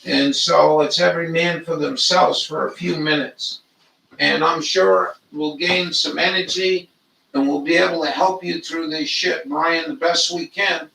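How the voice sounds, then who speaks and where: A man's voice: fairly high pitch, steady tone, a little slow, vocal fry, pushed and bright, roomy sound, distant mic, slight background noise. An older man telling rambling, profane stories in a meandering monologue. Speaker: vlogger.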